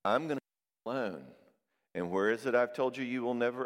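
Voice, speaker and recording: A man's voice: mid-range voice, expressive, moderate pace, long reverb tail. A man preaching in a loose, conversational way, acting out the quoted voices of people he describes. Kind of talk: sermon.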